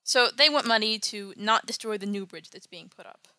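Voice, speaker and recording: A woman host walks through an old comic book in a casual, wry way, adding sarcastic commentary as she goes. Her voice is bright and crisp, recorded close and dry with no room sound. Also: mid-range voice, normal speed, no room sound. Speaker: podcast host.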